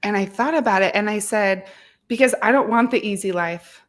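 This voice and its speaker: A woman's voice: mid-range voice, a little fast. A woman in her thirties hosting a fitness podcast, talking earnestly and motivationally about failure and perseverance. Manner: earnest, motivational, self-reflective. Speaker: fitness podcast host and coach. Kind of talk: casual podcast chat.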